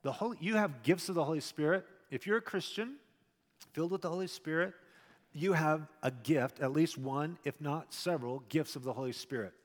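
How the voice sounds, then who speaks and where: A male pastor preaching a sermon in a conversational way, with loud emphatic stretches and quiet asides. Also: a little high, brisk, long reverb tail.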